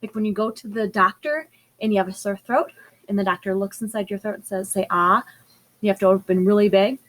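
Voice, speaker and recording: A woman teaching first graders a phonics lesson, slowly and patiently sounding out each word. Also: medium pitch, fairly even intonation, rough recording. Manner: sounds out words slowly and clearly. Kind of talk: slow, patient phonics lesson for young children.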